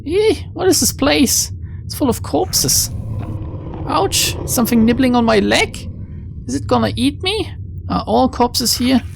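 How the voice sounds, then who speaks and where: A woman's voice: high voice, lively intonation, measured pace, gravelly, a little hiss or hum, pitched above the performer's own voice, exaggerated voice. A woman reading aloud as a frightened young woman detective hiding from a monster in a game, stammering and pleading. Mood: terrified. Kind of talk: reading a visual novel's lines aloud.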